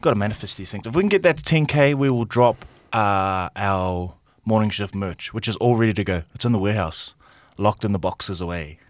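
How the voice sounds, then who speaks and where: A man's voice: lowish voice, brisk, few pauses. A man hosting a casual morning radio show, reading out news items and hyping up listeners. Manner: animated, hypes up the audience. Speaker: radio host. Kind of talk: casual breakfast show chat.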